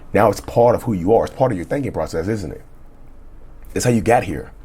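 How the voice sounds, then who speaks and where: Husky middle-aged man giving blunt advice. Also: medium pitch, a little mellow. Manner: emphatic, repetitive, blunt with cussing. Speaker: relationship coach. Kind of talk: casual motivational talk.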